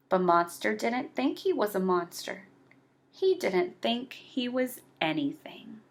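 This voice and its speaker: Slow, lively woman reading a storybook. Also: a little high. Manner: slow, expressive read-aloud. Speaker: storybook reader. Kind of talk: reading a picture book aloud.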